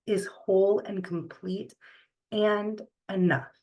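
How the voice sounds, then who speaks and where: A middle-aged woman giving a reflective motivational talk, earnest and deliberate, with pauses between phrases. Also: mid-range voice, steady tone, a little mellow, poor audio.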